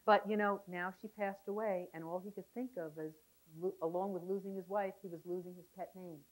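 A woman's voice: lowish voice, steady tone, brisk, low-quality recording. A woman leading a relationship class, talking animatedly to a live audience and laughing often. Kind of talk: seminar talk to a live class. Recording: 1990s VHS seminar tape.

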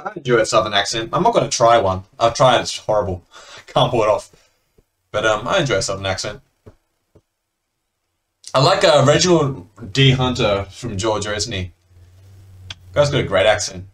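A man's voice: on the low side, lively intonation, moderate pace, long pauses, fairly bright tone. An Australian man chatting casually and laughing between remarks as he comments on a card game he is playing.

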